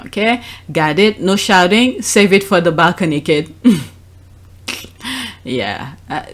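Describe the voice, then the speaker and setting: A woman's voice: on the low side, expressive, slow. A middle-aged woman hosting a casual commentary show, chatty, often laughing and adding "okay?" asides. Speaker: commentary channel host.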